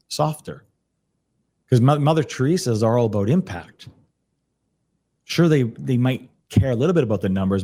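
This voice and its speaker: A man's voice: on the low side, darkish tone. A man speaking as a podcast guest on a video call, explaining energetically, often repeating words and restarting. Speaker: podcast guest, sales trainer. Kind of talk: casual conversational explanation. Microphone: computer on a video call.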